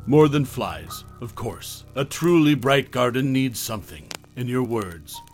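A man's voice: medium pitch, animated, measured pace, faint music behind, lightly acted. A man voicing a hungry talking garden with a slithery, quivering, pleading voice in a horror story.

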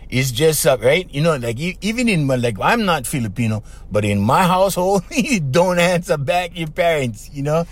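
A middle-aged man, hosting a podcast and telling a client's story in a chatty way, checking in with "okay?" and "right?". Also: medium pitch. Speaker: podcast host and life coach.

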